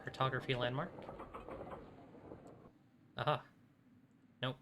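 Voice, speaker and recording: A man's voice: mid-range voice, flat delivery, takes it slowly, noisy background. A man casually commenting while playing a video game on a live stream, chatty, swearing freely and talking to himself in short bursts.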